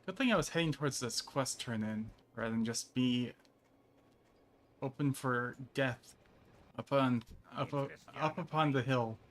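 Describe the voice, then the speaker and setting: A man's voice: mid-range voice, measured pace. A man streaming a game and chatting casually, rambling with frequent laughs between phrases. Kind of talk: casual gameplay chat.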